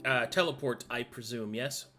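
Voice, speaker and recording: A man running a tabletop game as game master, excitable and swearing freely. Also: mid-range voice, moderate pace, music in the background.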